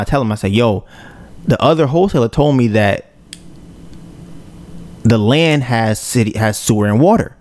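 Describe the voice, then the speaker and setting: A man's voice: medium pitch, gravelly, no echo. A man hosting a podcast who retells events in a loose, slangy way and acts out his own reactions in quotes. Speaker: podcast host. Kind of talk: casual storytelling.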